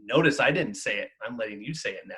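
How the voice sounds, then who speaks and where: Upbeat, lively male music teacher. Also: medium pitch, fast. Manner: upbeat, encouraging, counts students in and chants rhythms. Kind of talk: recorded online music lesson.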